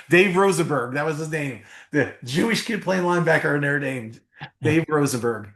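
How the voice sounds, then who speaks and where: A man's voice: on the high side, moderate pace, echoey room. A middle-aged man from New Jersey, a former football player, telling emphatic stories as a podcast guest. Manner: animated storyteller, emphatic, swears casually. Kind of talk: storytelling interview.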